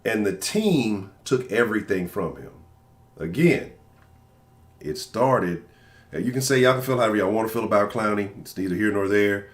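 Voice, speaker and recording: A man's voice: lowish voice, animated, normal speed. A man co-hosting a sports talk show, speaking emphatically and directly to listeners. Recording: echoey room.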